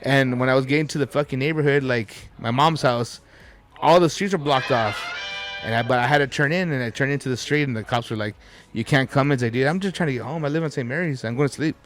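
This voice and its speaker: A man's voice: medium pitch, fast, a bit bright, faint music behind. A man telling a story as a podcast guest, rambling and swearing, with Spanish words dropped in. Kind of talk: casual storytelling.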